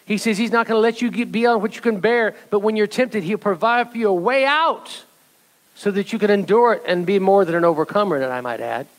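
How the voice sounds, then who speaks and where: A man's voice: high voice, low-quality recording. A man pastor preaching a sermon, talking straight to his congregation and building to fervent exhortation. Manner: rising to fervent exhortation, addressing the church.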